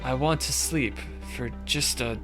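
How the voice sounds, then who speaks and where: A man's voice: medium pitch, unhurried, music in the background, lightly acted. A man reading the first-person narration of a wounded young woman heroine in a visual novel game, in a weary, shaken manner.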